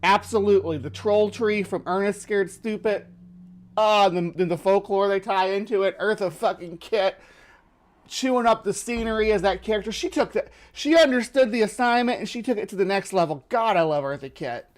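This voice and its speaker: Male host, lower Midwestern accent, slightly high-pitched, loose rambling commentary. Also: normal speed. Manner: rambling, with many fillers and restarts. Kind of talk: casual commentary reacting to a video.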